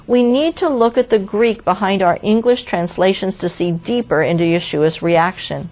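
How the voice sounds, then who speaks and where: A woman giving a scripted devotional Bible teaching, reading scripture slowly and lingering on key words. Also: mid-range voice, rough recording.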